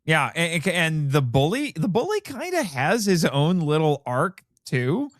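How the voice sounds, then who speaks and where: A man's voice: measured pace, no echo, clean studio sound. A man hosting a casual film discussion podcast, talking animatedly and acting out characters' lines. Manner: animated, quotes characters with rising pitch. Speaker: podcast host.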